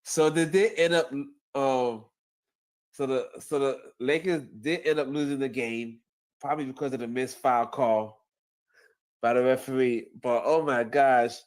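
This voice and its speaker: A man's voice: medium pitch, unhurried. A man hosting his own channel, chatting casually about sports and reacting to a clip, laughing often and repeating himself. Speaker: channel host.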